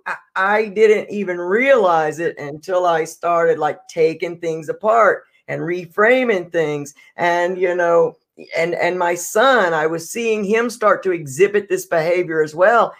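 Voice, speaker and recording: A man's voice: sits high, a little slow. A man hosting a recovery podcast, talking in a reflective, earnest way with frequent fillers. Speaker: podcast host. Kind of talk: casual podcast chat.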